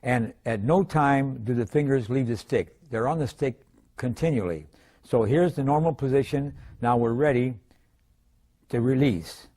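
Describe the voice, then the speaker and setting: An older man giving a drum lesson, explaining stick grips in a calm, methodical way with frequent pauses. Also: mid-range voice. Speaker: drum instructor. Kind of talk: demonstrating drum technique.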